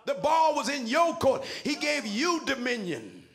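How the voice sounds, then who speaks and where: A man preaching a sermon as senior pastor, shouting in a sing-song cadence with folksy, colloquial phrasing. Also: very high voice, very animated, unhurried, gravelly.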